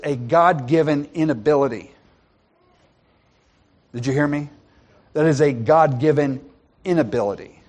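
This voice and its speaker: Slightly high-voiced storytelling preacher. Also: male voice. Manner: storytelling with playful asides and repeated restarts. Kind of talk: sermon.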